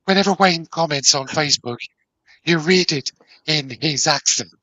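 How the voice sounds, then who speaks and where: A man's voice: a little high, moderate pace, sharp tone, no room sound, dull audio. A man chatting on a live stream, making wry, teasing jokes with his co-hosts. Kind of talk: casual chat.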